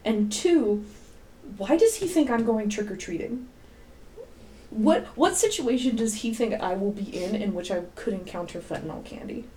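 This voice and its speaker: A woman's voice: mid-range voice, moderate pace. A young woman co-hosting a casual podcast, telling stories with lots of swearing and acted-out quotes. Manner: animated storyteller, swears, acts out quotes. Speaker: podcast co-host, middle school teacher. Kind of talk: casual chat.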